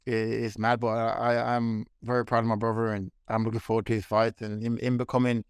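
A man from the UK, a fighter guest, talking casually in halting sentences full of fillers. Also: mid-range voice, flat delivery, clear, resonant tone, no room sound, studio quality. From United Kingdom. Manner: halting, full of fillers and restarts, laughs easily. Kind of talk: casual interview chat.

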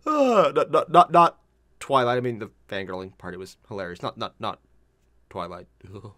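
An excitable reaction host comments casually and swears freely. The pitch is animated and the sound is dry and close. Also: normal speed, no room sound.

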